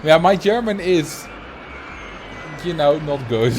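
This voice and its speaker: A man's voice: on the high side, lively intonation, slow pace, noisy background. A man with a Dutch accent giving casual, joking commentary while livestreaming a game. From Netherlands. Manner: chatty, laughs often, jokes about words.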